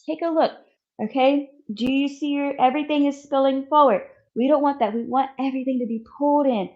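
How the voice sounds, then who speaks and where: A woman fitness instructor with a high, steady voice talks a little fast as she leads a follow-along core workout, counting reps aloud and demonstrating while she speaks. She's encouraging and slightly out of breath, and the sound is lo-fi.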